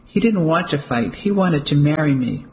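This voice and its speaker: A narrator voicing a young woman who pleads slowly and earnestly. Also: mid-range voice, expressive, close to an everyday voice, rough recording. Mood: pleading.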